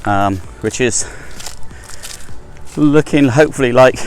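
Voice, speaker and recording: A man's voice: mid-range voice, takes it slowly, a little hiss or hum. A middle-aged man, chatting as he vlogs a walk along an overgrown hillside path and filming on a handheld phone, full of self-deprecating asides. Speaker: travel vlogger. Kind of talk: casual walking vlog. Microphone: handheld phone camera without gimbal.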